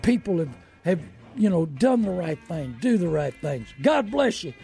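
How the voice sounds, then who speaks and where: Gravelly high-voiced radio host. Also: male voice, sing-song, normal speed, mellow, soft background music. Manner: folksy, preachy, down-to-earth. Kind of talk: call-in radio talk.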